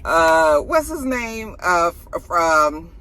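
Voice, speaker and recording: A woman's voice: fairly high pitch, sing-song, extremely slow, gravelly, fairly bright tone. A woman, chatting casually about celebrity gossip to her viewers in a sassy, slangy way.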